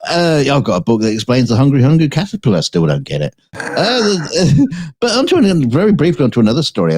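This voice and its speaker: On a laid-back comedy news program, this co-host reads strange stories aloud and cracks jokes in between, laughing frequently. His voice is medium-pitched and a little mellow.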